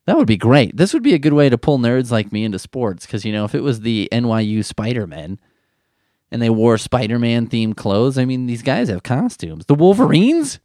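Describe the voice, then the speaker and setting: Man, mid-pitched, sarcastic comic monologue with frequent swearing; dry, close recording. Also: expressive, normal speed, a little mellow, no echo. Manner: rambling, sarcastic, swears often. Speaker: comedian. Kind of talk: profane comedic riffing.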